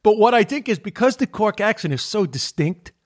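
A man's voice: sits high, sing-song, a little fast. Chatty comedian with a Queens accent. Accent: New York, Queens. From New York. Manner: chatty, restarts with many "like"s. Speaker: stand-up comedian. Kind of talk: casual podcast chat.

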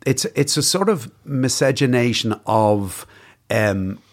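A man's voice: mid-range voice, slow pace. A man with an Irish accent, a guest explaining things at length in a casual podcast chat, wry and full of ums. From Ireland. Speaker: guest author.

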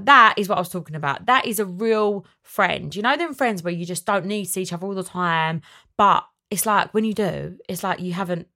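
A young woman hosts a casual solo podcast, chatting and ranting for fun, then reassuring her listeners. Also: mid-range voice. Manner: warm and reassuring when answering listeners. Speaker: podcast host.

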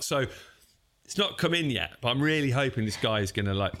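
A man chats and tells stories on a podcast in a middle-pitched voice. He tells them animatedly, acting out the voices of the people he meets. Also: a little fast. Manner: animated storyteller, puts on voices in quotes. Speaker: podcast co-host. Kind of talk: casual chat, storytelling.

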